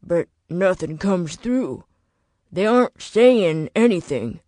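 A man's voice: high-pitched, sing-song, slow, darkish tone, no echo, full character voice. A woman voicing a tired, fussy man who tinkers with radios, explaining himself in a dry, defensive way. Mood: weary.

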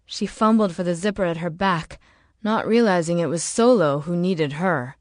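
A woman reading an audiobook in slow, measured, dramatic narration. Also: on the low side, darkish tone, no room sound, studio quality. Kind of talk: scripted narration.

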